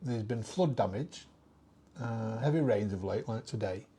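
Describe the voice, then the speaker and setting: A man's voice: fairly low pitch, animated, unhurried, dark tone, slightly rough. A man co-hosting a casual chat and giving news dryly. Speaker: co-host.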